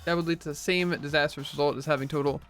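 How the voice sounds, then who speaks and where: Male streamer: rapid reader, voice sits a bit high, voices all characters himself, quips between lines, faint game music under him. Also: fairly even intonation, fairly bright tone. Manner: reads every character's lines himself, with jokey asides. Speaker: streamer reading a visual novel aloud. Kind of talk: let's play, reading game dialogue aloud.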